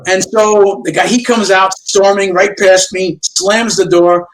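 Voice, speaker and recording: An older man with a high voice, telling a story as a guest in an interview. He narrates in a lively way and keeps slipping into the voices of the people in his tales, over a remote video call. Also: measured pace, slight background noise, poor audio. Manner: lively storyteller who acts out quoted dialogue. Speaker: guest comic book artist. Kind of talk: storytelling anecdotes in a chat show interview.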